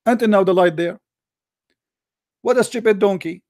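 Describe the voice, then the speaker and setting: A high-pitched man runs a call-in debate with open scorn. He talks over his caller and mocks him without letup. The sound is close and dry. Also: moderate pace, a little mellow, no echo. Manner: mocking, combative, insulting. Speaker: debate show host.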